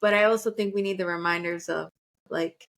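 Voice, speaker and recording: A woman's voice: on the low side, fairly even intonation, brisk, vocal fry, fairly bright tone. A woman co-hosting a podcast in casual chat, talking in a reflective, rambling way with many fillers. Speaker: podcast co-host.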